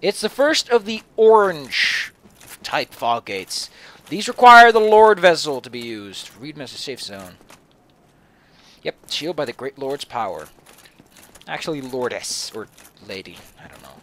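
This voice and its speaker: A man's voice: a little high, animated, a little slow, a bit bright. A man giving casual, profane, rambling commentary over a video game. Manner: rambling, profane, self-mocking. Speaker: gaming commentator.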